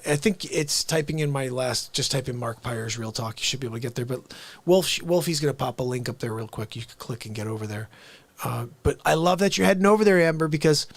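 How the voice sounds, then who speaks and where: Excitable man hosting a livestream. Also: mid-range voice. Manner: excitable, upbeat, swings between loud bursts and quiet asides; talks straight to the viewers. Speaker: livestream host. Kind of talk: casual live-stream chat.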